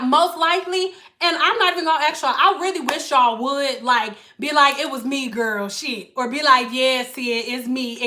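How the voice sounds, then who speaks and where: Woman, hair stylist, high voice, bright tone, blunt and swearing, casual chat to viewers. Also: slight background noise. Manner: animated, blunt, swears freely, slips into playful put-on voices.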